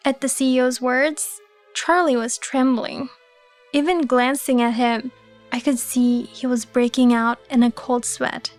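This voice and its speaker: High-voiced woman narrating a story. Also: flat delivery, normal speed, dry recording. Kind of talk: scripted narration. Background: faint background music.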